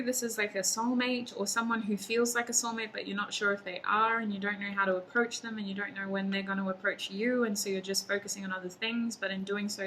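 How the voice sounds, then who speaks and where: A woman reads tarot cards aloud to her viewers in a chatty, easygoing way, breaking into laughs between cards. Her voice is bright and forward, with a faint hiss of background noise under it. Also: medium pitch, low-quality recording. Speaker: tarot reader. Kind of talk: solo pick-a-card tarot reading.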